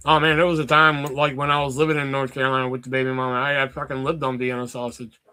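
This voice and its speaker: A man's voice: medium pitch, little pitch movement, fast, sharp tone, clean tone. A man chatting casually from his basement at home, rambling and joking with plenty of swearing. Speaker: streamer. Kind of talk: casual chat.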